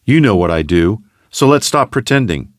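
Man voicing a guilt-ridden tough guy, bitter, strained, low voice, dry recording. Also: very animated, moderate pace, no room sound. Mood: anguished. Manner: strained, rising in pitch when upset.

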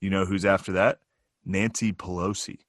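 A man doing a grumbling, gruff dad. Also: deep voice, flat delivery, normal speed, no room sound, clean studio sound, pitched below the performer's own voice, natural voice. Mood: conspiratorial. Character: grumbling middle-aged dad, short-tempered.

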